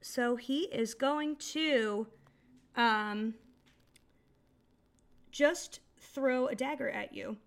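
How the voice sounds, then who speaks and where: A woman running a tabletop game as game master, laughing often and pausing on fillers. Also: on the high side.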